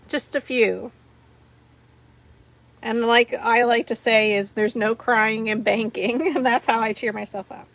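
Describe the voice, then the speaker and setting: On the high side and touched with vocal fry, a woman's voice guides viewers through a live paper flower tutorial. She walks through each step as she works, chatty and giggly, laughing along with the audience.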